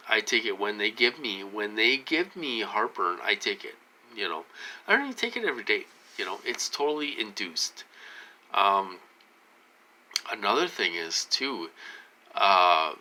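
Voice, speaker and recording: Halting, insistent man with a bright voice. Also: mid-range voice, low-quality recording. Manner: repetitive, halting, with many fillers and restarts; insistent and aggrieved. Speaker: vlogger. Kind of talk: rambling personal monologue.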